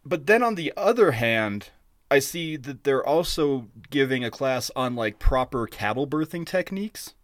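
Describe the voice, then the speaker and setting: A man with a voice in the middle of the usual range co-hosts a casual podcast, telling an animated story at a chatty clip. His voice is recorded dry and close, with no room sound. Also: medium pitch, normal speed, no room sound. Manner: animated storyteller, acts out quotes. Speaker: podcast co-host.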